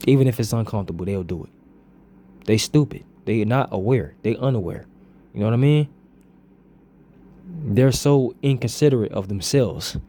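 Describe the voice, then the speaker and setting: Earnest man with a mellow voice. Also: medium pitch. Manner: earnest, repetitive, peppered with "bro" and "you know what I'm saying". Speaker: vlogger. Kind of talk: casual motivational monologue.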